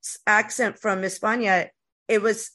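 A woman with an East Coast accent hosting a podcast, chatting in an excitable, rambling way. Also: mid-range voice, a little slow. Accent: East Coast American. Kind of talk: casual podcast chat.

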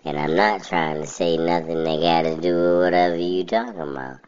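A man's voice: low-pitched, fairly even intonation, brisk, darkish tone, clean tone, lo-fi sound. A man in casual chat, ranting bluntly about things that annoy him.

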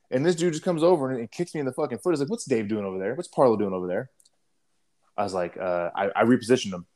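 Low-voiced man telling a war story, profane. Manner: profane, rambling, clears throat often. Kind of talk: casual storytelling.

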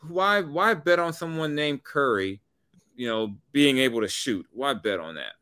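Rambling, animated sports talk man. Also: medium pitch, normal speed, smooth, no echo, studio quality. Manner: rambling, animated, many restarts. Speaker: sports radio co-host.

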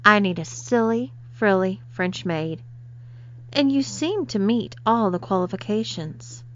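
A woman's voice: medium pitch, expressive, measured pace, a bit bright. Brief: woman reading as a stern, commanding lady of the house; cool authority, muffled lo-fi sound. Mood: imperious. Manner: imperious, cool. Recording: slightly dull lo-fi recording.

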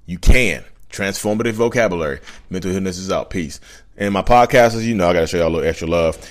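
A man's voice: low voice, fast. Emphatic man hosting a motivational vlog. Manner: repetitive, emphatic, restarts phrases, addresses viewers as y'all; chuckles between points. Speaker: YouTube channel host. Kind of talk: casual motivational vlog monologue.

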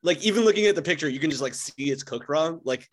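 A man's voice: a little high, expressive, quick pace. Rambling man chatting on a podcast. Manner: rambling, lots of fillers and restarts. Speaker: podcast guest. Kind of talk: casual chat.

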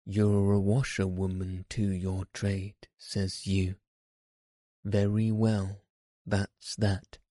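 Burly kind-hearted engine driver, folksy and reflective, voiced by a man, low and unhurried. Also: level tone, warm tone, no room sound, clean studio sound. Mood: kindly. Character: burly kindly male engine driver, plain-spoken.

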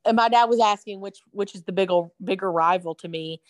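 A woman chats on a podcast, tired and yawning, and tells her story with lots of likes and ums. Her voice sits at a middle pitch and comes through dry and close. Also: fairly quick, dry recording. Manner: chatty storyteller with fillers. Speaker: podcast co-host. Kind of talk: casual chat.

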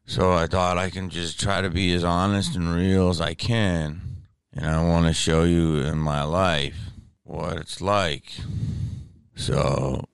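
A tired man hosts his podcast straight out of bed, his voice extremely low and gravelly with fry. He talks candidly and rambles, restarting sentences as he goes. The sound is smooth and resonant, recorded close in a dry room. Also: fairly even intonation, slow, no room sound. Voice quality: deep morning voice. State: tired, just woke up. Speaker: podcast host. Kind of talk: casual podcast monologue. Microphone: studio microphone.

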